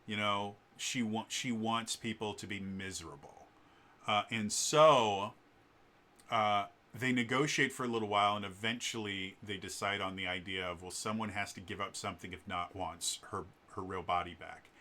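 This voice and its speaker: Man, casual storytelling vlog, bright forceful voice, animated and rambling, lots of ums. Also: fairly low pitch, moderate pace. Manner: animated, rambling retelling with many fillers. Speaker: vlogger.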